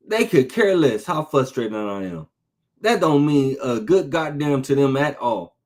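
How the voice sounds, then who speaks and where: This man's voice sits a little high as he preaches informally. His tone stays conversational, with rhetorical questions and phrases repeated to drive points home.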